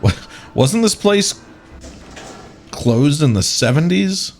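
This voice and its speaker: A man's voice: fairly high pitch, very animated, slow pace, a little mellow, a little hiss or hum. A man streaming live, joking sarcastically with his chat and the game characters as he plays. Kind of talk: live gaming commentary.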